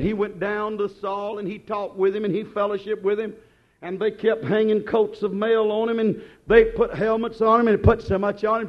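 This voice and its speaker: A middle-aged man preaching a sermon, telling the story dramatically and acting out quotes before rising to shouts. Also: high-pitched. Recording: dull lo-fi sermon recording.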